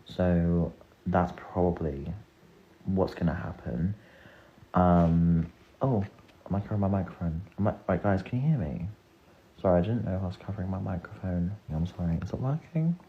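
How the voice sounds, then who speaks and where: A man's voice: deep voice, expressive, moderate pace, phone-quality sound. A person with a man's voice chatting casually and earnestly to viewers on a live stream, rambling and confiding.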